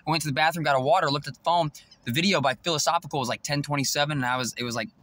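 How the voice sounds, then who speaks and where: Fast-talking, swearing man venting. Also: a little high, steady tone, bright, forceful tone. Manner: profane, agitated, boastful. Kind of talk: casual storytelling vlog. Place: parked car in a parking lot.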